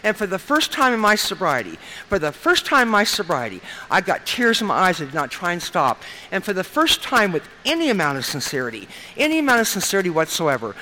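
A middle-aged woman shares her story with a group at a brisk clip, her voice bright and forward. She is earnest, circles back to repeat phrases and tacks "and stuff" onto her sentences. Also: fairly low pitch, big pitch swings, slight background noise, low-quality recording. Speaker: speaker sharing at a recovery meeting. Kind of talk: personal testimony told to a group.

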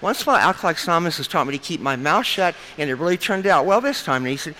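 A woman's voice: low-pitched, expressive, rapid-fire, fairly bright tone. An older woman from Nebraska sharing her recovery story at a meeting podium, talking in a frank, folksy, joking way and often calling the room "you guys.".

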